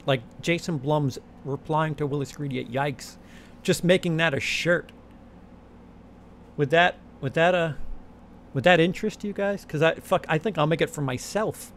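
Gravelly, rambling man. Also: fairly high pitch, fairly bright tone, a little hiss or hum. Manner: rambling, profane, many restarts. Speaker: channel host. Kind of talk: casual chat.

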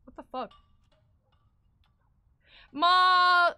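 Woman streamer, high voice, unhurried delivery, excitable and foul-mouthed, game music underneath. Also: background noise. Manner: excitable, swears a lot, shrieks when scared. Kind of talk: live gaming stream commentary.

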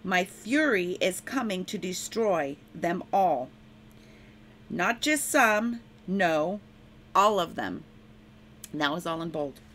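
Slow, earnest woman reading a prophecy. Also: lowish voice, lively intonation, a bit bright, a little hiss or hum. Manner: slow, earnest reading with frequent self-corrections. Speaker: prophetic word reader. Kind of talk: reading a prophetic word aloud.

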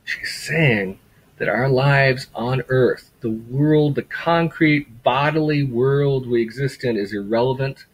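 Guy teaching a class, kinda husky, talks it through w lots of rhetorical questions. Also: mid-range voice, slow pace, low-quality recording. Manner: conversational, repeats words for emphasis, rhetorical questions. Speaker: lecturer. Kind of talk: classroom lecture on a graphic novel.

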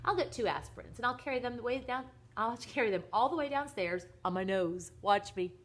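A woman's voice: on the high side, animated, fairly quick, voice pushed up. A woman reading aloud and voicing a cheeky little boy who loves to show off. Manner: cheeky, bouncy.

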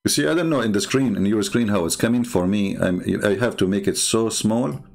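Argumentative man with a gravelly voice. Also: fairly low pitch, darkish tone. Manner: argumentative, halting, many fillers and restarts. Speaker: religious commentator. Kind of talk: unscripted screen-share talk.

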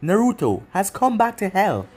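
A man's voice: a little high, very animated, moderate pace, a little mellow, breathy edge, soft background music. A man voicing a confident young male ninja with a blunt, cocky way of talking.

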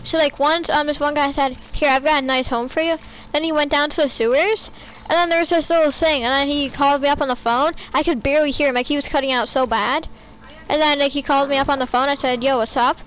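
High-voiced woman rambling through a story. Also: steady tone, quick pace, a bit bright, a little hiss or hum, poor audio. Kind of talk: casual voice chat while gaming.

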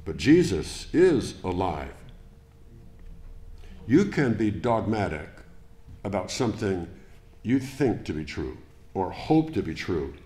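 A man preaching a sermon as pastor, deliberate and emphatic, with rhetorical questions to the congregation. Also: deep voice, big pitch swings, dark tone. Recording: echoey church room.

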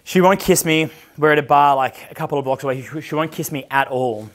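A man's voice: on the high side, a little fast. A man working as a dating coach, telling casual stories in a brash, profane way, laughing often and acting out the voices of the people in his stories. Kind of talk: casual storytelling chat.

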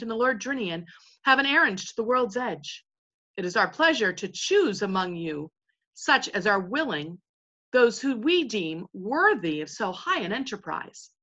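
A woman reading as a commanding young king, stately and sharp, on a dull recording. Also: on the high side, exaggerated voice. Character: young king rallying his crew, commanding.

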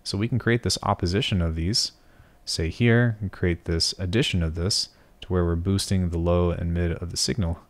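A man's voice: sits low, steady tone, normal speed. A young man teaching sound design in a screen-recorded tutorial, thinking aloud and often correcting himself. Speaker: music production tutor.

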